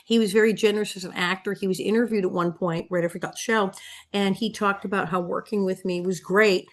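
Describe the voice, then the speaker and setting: Animated woman telling stories. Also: mid-range voice, quick pace. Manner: animated storyteller, laughing often. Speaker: podcast guest, actress. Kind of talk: casual interview storytelling.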